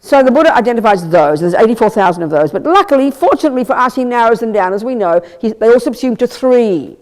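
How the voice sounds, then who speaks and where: Emphatic, animated woman teaching Buddhism. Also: fairly high pitch, fast. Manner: animated, emphatic, with rhetorical questions and frequent stammered restarts; blunt, wry asides. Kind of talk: live Buddhist teaching talk. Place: teaching hall at a Buddhist centre.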